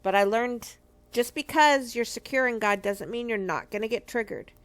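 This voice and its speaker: A woman's voice: on the high side, moderate pace. A middle-aged woman from a marriage ministry, giving an earnest, emphatic testimony and repeating key phrases for weight. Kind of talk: personal testimony teaching.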